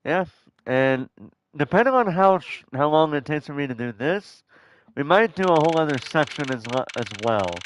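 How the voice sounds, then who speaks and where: A man's voice: a little high, expressive, moderate pace, clean tone, dry recording, rough recording. A man streaming a game, chatting casually with viewers in a rambling way, with many restarts. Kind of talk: casual live-stream chat. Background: faint game music.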